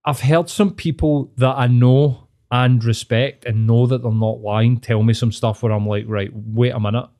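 A man's voice: medium pitch, fairly even intonation, a little slow, few pauses, mellow. A man with a Glaswegian Scottish accent, co-hosting a podcast in crude, laid-back casual chat full of swearing. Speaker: podcast co-host.

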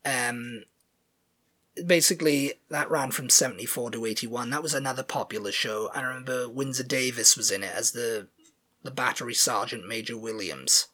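A man's voice: medium pitch, moderate pace, bright, forceful tone. A British man co-hosting a podcast, chatting loosely with lots of fillers and sometimes reading out show synopses. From Britain. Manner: rambling, filler-heavy, reads out show synopses. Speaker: podcast co-host. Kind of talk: casual chat.

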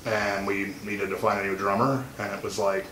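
A young man, a band musician, tells an animated story as a guest in a casual interview, chuckling as he goes. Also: on the low side, normal speed. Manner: animated anecdote-telling, chuckling. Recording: echoey room, faint noise.

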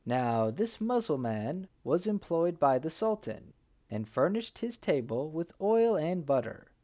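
A man with a slightly high voice narrates a folk tale at a somewhat slow pace. His reading is lively, and he acts out the cries of the characters.

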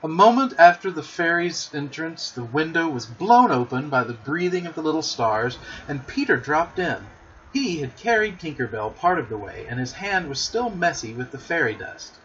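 A man narrating a storybook aloud with expressive, dramatic storytelling, on a muffled lo-fi recording. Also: a little high, normal speed, a little hiss or hum.

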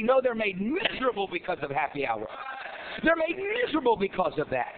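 A man pastor preaching a sermon, emphatic, with rhetorical questions and shouted, repeated lines. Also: high-pitched, very animated, fairly quick. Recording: tinny phone-like sound.

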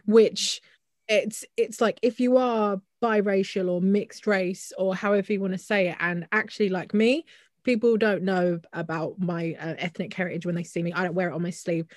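A woman talks in a casual podcast, heated and circling back with restarts and frequent "like". Her pitch sits mid-range. The sound is close and dry, with no room around it. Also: steady tone, normal speed, a little mellow, dry recording. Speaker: podcast co-host. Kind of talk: casual chat.

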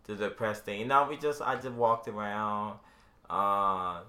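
A man co-hosting a casual podcast chat, telling convention stories and jumping into loud, high-pitched voices when he acts out what people said. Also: measured pace. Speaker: podcast co-host.

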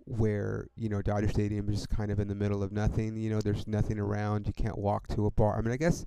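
A man's voice: lowish voice, completely flat delivery, fast, gravelly, noisy background. A young man hosting a podcast, telling a rambling story in a laid-back, profane way, peppered with "dude" and "like". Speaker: podcast host.

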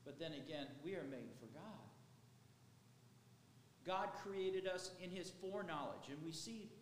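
High-voiced man preaching in a hall. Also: expressive, a little slow, a little hiss or hum. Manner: conversational, rambling preaching with restarts. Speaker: pastor. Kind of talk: sermon. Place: church sanctuary. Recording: echoey hall with faint ambience.

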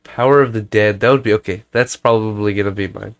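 A man's voice: fairly low pitch, fairly even intonation, fast talker, no echo. A young man co-hosting a casual podcast while sick, coughing and sniffling, talking in a rambling, playful way. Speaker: podcast co-host. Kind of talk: casual chat.

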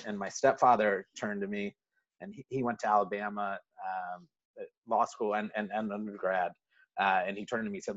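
A man's voice: on the low side, brisk, fairly bright tone. A man with a neutral American accent, a guest in a casual interview, telling stories with many fillers and restarts. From New York City. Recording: muffled lo-fi audio.

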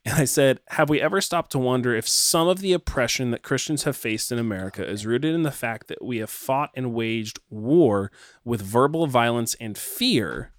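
A man's voice: mid-range voice, no room sound, studio quality. A man in a casual faith discussion, thinking aloud reflectively with frequent fillers and restarts.

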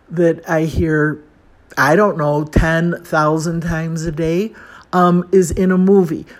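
A woman's voice: deep voice, darkish tone. A woman from Chicago talking casually and chattily, wandering off on side notes and poking fun at herself. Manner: chatty, digressive, self-deprecating. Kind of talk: casual monologue.

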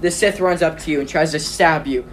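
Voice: mid-range voice, a little fast. Rambling dm narrating a game, lots of ums, faint hiss behind. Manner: rambling, many ums and restarts. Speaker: game master.

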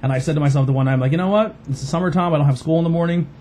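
A man hosting a podcast talks very fast in a darkish, higher-pitched voice as he meanders through a lengthy anecdote. He uses plenty of fillers and voices the quotes himself; a little hiss or hum sits underneath.

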